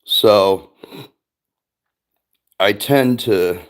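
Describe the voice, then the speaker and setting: A man's voice: fairly low pitch, drawn-out words. A middle-aged man hosting a stream, rambling through a casual chat with lots of swearing and frequent laughs. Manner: rambling, profane, laughs often. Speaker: streamer host.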